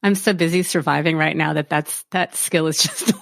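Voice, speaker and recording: A woman hosting a podcast interview, reflective and candid, often laughing softly. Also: low voice, fairly even intonation, normal speed, vocal fry, no echo, studio quality. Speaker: podcast host.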